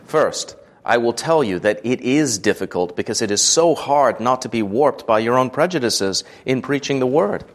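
A man giving a scripted devotional reading, measured and earnest, lifting his voice for quoted speech. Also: mid-range voice, animated. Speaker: devotional reader.

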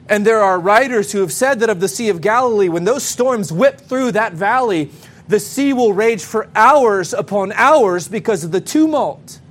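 A man preaching a sermon to a congregation, speaking to the children as well, with emphatic pauses. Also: high voice. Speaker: pastor.

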